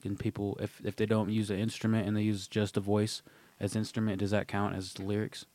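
Low-voiced dude, rambling, thinking out loud on a podcast. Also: male voice, completely flat delivery, brisk, no room sound. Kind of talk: casual chat.

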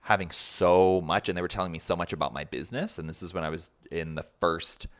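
A man's voice: sits low, a little fast. A man, a podcast guest on a remote call, telling a story in a casual, rambling way full of likes and you-knows. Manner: rambling, animated, filler-heavy with many likes and you-knows.

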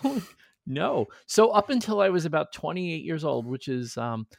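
A man's voice: on the high side, moderate pace, creaky, no room sound. A man in his forties hosts a casual podcast and tells stories with lots of swing in his voice, jumping up and down as he acts out what other people said. He sounds close and dry on the mic, with no room around him. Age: 40s. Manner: animated storyteller, acts out quoted voices. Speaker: podcast host. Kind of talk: casual chat.

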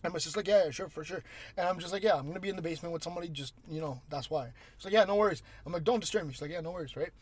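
A young man with a high-pitched voice hosts a casual podcast, telling crude stories in an animated way among friends. The sound is close and dry. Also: very fast, husky, no echo. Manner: crude, animated storytelling with laughs. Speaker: podcast host.

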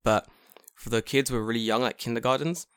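A man's voice: medium pitch, quick pace, clear, resonant tone, no room sound, studio quality. Profane storytelling podcast man. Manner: profane, animated storytelling with acted quotes. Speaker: podcast co-host. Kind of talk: casual storytelling chat.

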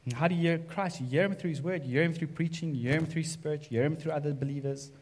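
A man's voice: a little high, fast, a little mellow. A man preaching a sermon in a conversational way, often checking in with "right?". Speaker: pastor. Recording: long reverb of a hall.

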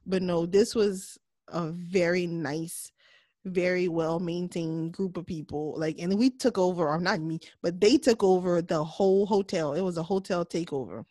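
A woman co-hosting a podcast in casual chat, candid and laughing often, sometimes dropping to a soft voice. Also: on the low side, steady tone, normal speed, dry recording. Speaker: podcast co-host.

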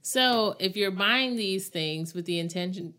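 A woman's voice: medium pitch, a little slow, pushed and bright. A pregnant woman co-hosting a podcast with her sister, talking casually and rambling with frequent laughs. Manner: chatty, rambling, laughs often. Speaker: podcast co-host.

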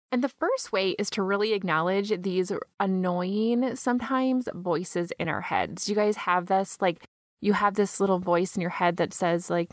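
A woman with a lowish voice hosts a motivational podcast. She speaks earnestly and encouragingly, straight to her listeners. The recording is dry and close, with no room sound. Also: dry recording. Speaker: podcast host.

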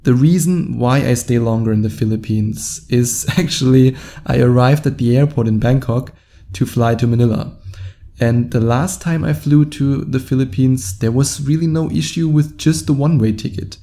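Chatty German-accented man, very dark voice. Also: mid-range voice, normal speed. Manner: rambling and chatty, laughs between phrases. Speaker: dating coach. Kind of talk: casual podcast monologue.

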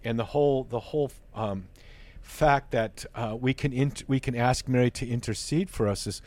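A man's voice: mid-range voice, normal speed, a little mellow, no echo. Man, show host, earnest, stumbles and repeats words, dry studio sound. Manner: earnest, repeats words while searching for phrasing. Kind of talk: faith talk show conversation.

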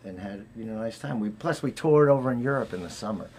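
A man's voice: fairly low pitch, animated, quick pace, a little mellow, a little hiss or hum. Rambling Boston-accented man telling stories. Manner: rambling, anecdotal, many fillers and restarts. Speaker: guest, former Olympic figure skater. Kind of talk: casual interview storytelling.

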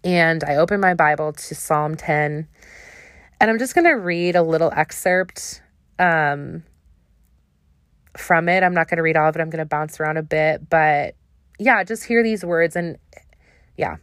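Earnest low-voiced woman podcaster. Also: measured pace, pauses often, fairly bright tone, no echo, clean studio sound. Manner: earnest, searching, with fillers like "like" and "um". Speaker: podcast host. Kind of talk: personal reflective podcast monologue.

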